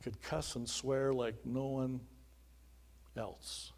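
Earnest conversational male pastor, mellow voice. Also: mid-range voice, little pitch movement, slow pace, creaky. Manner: earnest and conversational, with chuckling asides. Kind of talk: sermon with personal testimony.

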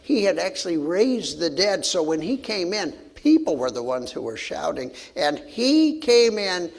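A man's voice: a little high, vocal fry. A man giving a sermon, reading scripture and telling stories in a folksy way with frequent restarts and fillers. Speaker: pastor.

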